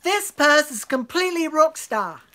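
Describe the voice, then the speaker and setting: A woman co-hosting a live online sale, calling out bids in brisk, teasing casual chat. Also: high voice, expressive, sharp tone.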